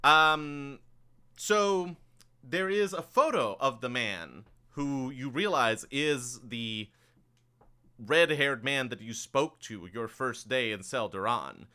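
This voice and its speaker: A man's voice: mid-range voice, expressive, slow, bright, forceful tone, smooth. A man narrating a tabletop game as game master, loose and full of fillers.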